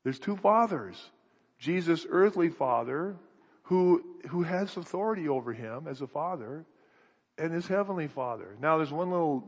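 A man preaching a sermon, earnest and searching, thinking aloud with restarts, in an echoey hall. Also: fairly high pitch.

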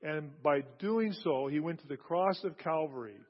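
A man preaching a sermon to a gathered audience, emphatic, repeating key phrases and swinging between hushed and loud delivery. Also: fairly high pitch, moderate pace. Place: large hall with an audience. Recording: dull lo-fi recording with long hall reverb.

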